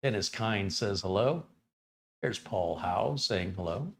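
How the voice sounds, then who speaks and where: American male streamer, lowish voice, casual live tech demo host. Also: slow pace, vocal fry. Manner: relaxed, chatty, reads chat names aloud. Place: home studio.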